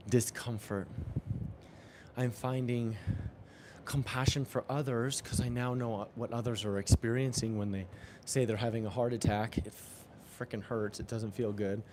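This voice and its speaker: Background noise surrounds a young man's medium-pitched voice as he bikes outdoors in the rain. Earnest and reflective, this vlogger records a spiritual musing and frequently repeats phrases to himself.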